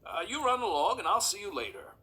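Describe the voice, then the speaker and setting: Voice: medium pitch, very animated, fast, pushed and bright, a little hiss or hum, voice pushed up. A reader voicing a nervous man who stammers and hesitates, in a storybook read-aloud. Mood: flustered.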